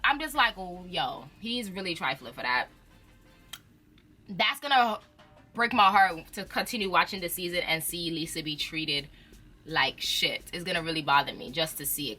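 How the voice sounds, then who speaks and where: A young woman, chatting casually about reality TV with lots of slang and laughter. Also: low-pitched. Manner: animated, chatty, uses slang and laughs often. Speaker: reality TV commentator. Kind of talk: casual chat.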